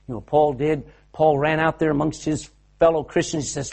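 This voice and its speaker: Husky fervent male preacher. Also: on the high side, expressive, fairly quick, darkish tone. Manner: fervent, exhorting, directs volunteers on stage. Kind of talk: sermon. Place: hall with a live audience.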